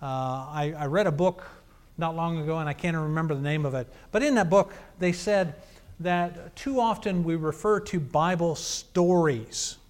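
Man, sermon, high voice, conversational storytelling, casual asides. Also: moderate pace. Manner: conversational storytelling preaching with acted quotes. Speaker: preacher.

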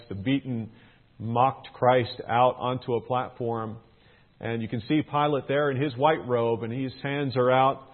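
A middle-aged man teaching through a Bible passage, earnest, his emphasis rising on questions. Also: mid-range voice. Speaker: preacher. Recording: tinny phone-like band.

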